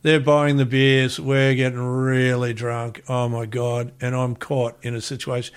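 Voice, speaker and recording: A man's voice: mid-range voice, completely flat delivery, unhurried, few pauses, clear, resonant tone. A middle-aged man with an Australian accent, telling a rambling anecdote as an interview guest and acting out the quotes.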